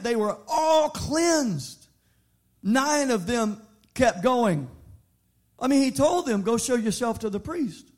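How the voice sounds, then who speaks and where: A man preaching a sermon, moving from shouted sing-song appeals to quieter, conversational teaching with frequent restarts. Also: very high-pitched. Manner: repeats words in restarts. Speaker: pastor.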